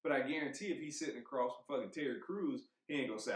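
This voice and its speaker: A man co-hosting a podcast, talking in a heated, emphatic way, swearing freely and thinking out loud with restarts. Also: mid-range voice, lively intonation, very fast. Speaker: podcast co-host. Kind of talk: casual podcast chat. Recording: roomy echo.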